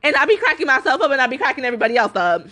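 Young woman ranting on her podcast, high voice, cussing every other line, lots of "like". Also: big pitch swings, rapid-fire, sharp tone. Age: 20s. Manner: profane, emphatic, full of fillers; mocking high voice when quoting others. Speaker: podcast host. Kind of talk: casual ranting monologue.

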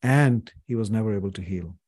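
Older guy from india, low husky voice, earnest and reflective, lots of "you know". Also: fairly quick, darkish tone, no room sound, studio quality. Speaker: podcast guest, author. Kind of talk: reflective interview conversation.

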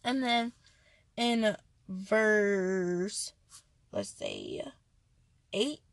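A woman's voice: mid-range voice, huge pitch swings, drawn-out words, vocal fry, dry recording. A woman giving an earnest, chatty devotional talk and reading scripture aloud, often restarting her sentences. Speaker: devotional speaker.

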